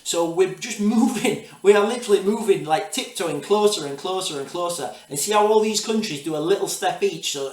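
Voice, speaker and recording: A man's voice: on the high side, recorded from a distance, a little hiss or hum. Man talking news in an echoey room. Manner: rambling, restarts, repeats "guys, all right". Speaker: video host. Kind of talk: casual commentary to camera.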